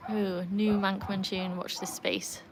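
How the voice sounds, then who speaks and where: A woman chatting casually on a livestream from beside a backyard pool, breaking into a high sing-song voice to praise her dog. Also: little pitch movement, measured pace, a little hiss or hum. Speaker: livestream host and dog owner. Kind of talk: casual live chat. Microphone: phone.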